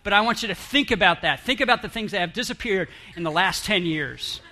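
A middle-aged man talks to a live audience in a loose, conversational way. His voice sits high for a man and sounds sharp and bright. He keeps asking the crowd questions and restarting his sentences. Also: lively intonation, a little fast. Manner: chatty, rambling, self-interrupting, asks the audience questions. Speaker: speaker addressing an audience. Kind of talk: interactive audience talk.

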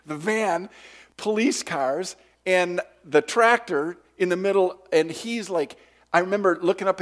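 A man preaching a sermon, telling a childhood story with lively voice and acting out the shouted moments, then leading a prayer. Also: high voice. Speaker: pastor. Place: church sanctuary.

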